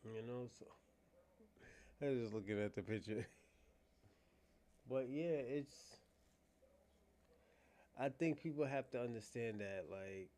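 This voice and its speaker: A man's voice: mid-range voice, unhurried, long pauses, mellow. A man co-hosting a call-in show, commenting in a laid-back, rambling way. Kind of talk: casual commentary.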